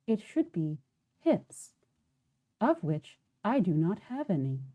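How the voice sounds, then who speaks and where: Lady putting on a prim game character, dark-toned, slow, pitch swooping around. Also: sing-song. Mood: indignant.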